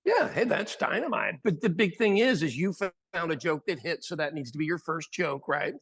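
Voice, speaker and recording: An American man co-hosting a podcast, chatting casually and telling stories with animated acted-out quotes. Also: a little high, moderate pace, vocal fry, slightly rough. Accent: General American. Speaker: podcast co-host. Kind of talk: casual chat.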